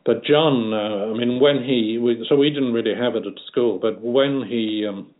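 A man's voice: medium pitch, moderate pace. An older man from Liverpool with a light Liverpool accent, talking unhurriedly as an interview guest, with many fillers and restarts. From Liverpool, England. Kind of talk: casual interview reminiscence. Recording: tinny phone line.

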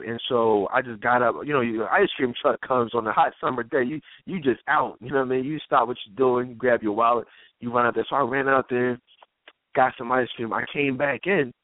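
A man's voice: mid-range voice, no room sound. A man hosting a call-in talk show, telling stories casually, laughing often and acting out quoted voices. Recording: tinny phone-line sound, dry.

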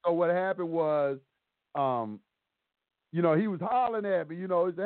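A man's voice: a little high, expressive, a little fast, dry recording. A man telling stories casually on a call-in show, acting out both sides of the dialogue. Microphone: phone call. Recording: tinny dry phone line.

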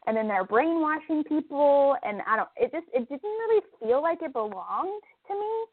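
A woman co-hosting a casual chat, animated and emphatic, laughing often and getting heated. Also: high-pitched, moderate pace, no echo. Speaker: podcast co-host. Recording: tinny phone-like line, dry.

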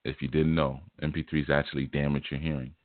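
Low-voiced streetwise man on a tinny line. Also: flat delivery, fairly quick, dry recording. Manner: laid-back, streetwise, repeats phrases, says "man" and "you know". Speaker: host of a spiritual teaching show. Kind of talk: casual livestream talk. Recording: tinny phone-like dry sound.

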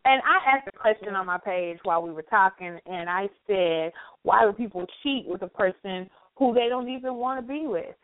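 A woman co-hosting a late-night radio talk show, chatting casually and reading shout-outs. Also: mid-range voice, moderate pace, no echo. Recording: dry phone-line sound.

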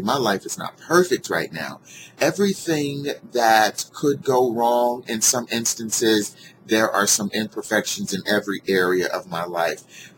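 A man casually telling a personal story to his viewers, earnest and heartfelt, animated when he retells what people said. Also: on the low side, a little hiss or hum, low-quality recording. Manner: animated, acts out quoted dialogue in a raised voice; earnest and heartfelt about gratitude. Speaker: vlogger sharing a personal story.

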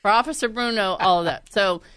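Smooth-voiced chatty woman podcast host. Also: mid-range voice, a bit bright, no room sound, clean studio sound. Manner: chatty, laughing, quick to act out animals. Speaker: podcast host and radio producer. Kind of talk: casual chat.

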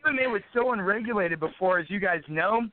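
Fast-talking profane man on a phone line. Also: high voice, expressive, dry recording. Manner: profane, rambling, rapid-fire. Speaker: podcast guest, former fighter. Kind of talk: casual storytelling.

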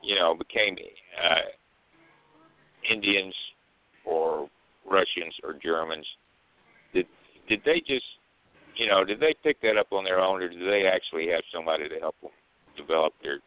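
A man co-hosting a casual chat show, asking halting questions with many pauses. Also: deep voice, clean tone, no echo. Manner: halting, lots of uh fillers. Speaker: co-host. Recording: tinny phone line.

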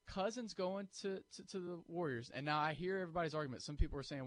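A man's voice: fairly high pitch, fast. A man co-hosting a sports talk radio show, arguing his case and acting out listener objections. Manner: animated, argumentative, acts out imagined listener objections.

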